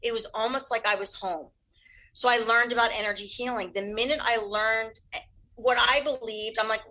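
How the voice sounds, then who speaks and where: Bright-voiced fast-talking woman. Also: fairly high pitch, low-quality recording. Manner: fast, animated, laughs often. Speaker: Reiki practitioner. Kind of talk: candid interview answers.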